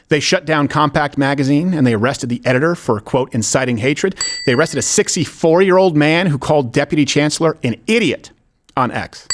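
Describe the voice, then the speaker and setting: Emphatic man hosting political commentary. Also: a little high. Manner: emphatic, sarcastic, repeats points for effect. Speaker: show host.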